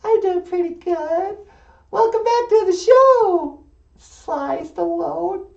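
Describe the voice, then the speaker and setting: A man's voice: very high voice, lively intonation, slow pace, vocal fry, voice pushed up, full character voice. A man voicing a chirpy woman puppet with a put-on Southern US accent, speaking in a sing-song drawl. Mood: cheerful. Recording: echoey room, dull lo-fi sound.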